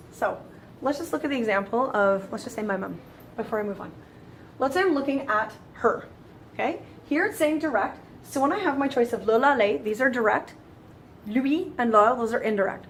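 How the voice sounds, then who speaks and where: Woman, teacher, casual lesson, talks as she thinks, slightly high, light hiss. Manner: chatty, self-correcting, thinks aloud. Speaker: French teacher.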